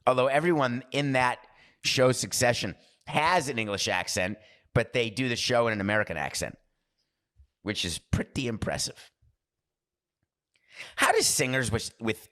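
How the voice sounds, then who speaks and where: This man's voice is medium in pitch with a fairly bright tone. He's hosting a podcast, drifting through a loose, digressive monologue that repeatedly interrupts itself.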